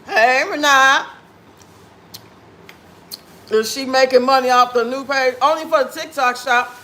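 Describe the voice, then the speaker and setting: A man's voice: extremely high pitch, steady tone, unhurried, bright, forceful tone. A man hosting a casual livestream while eating, talking with food in his mouth and trading blunt, sassy trash talk with his chat viewers. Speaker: livestream host.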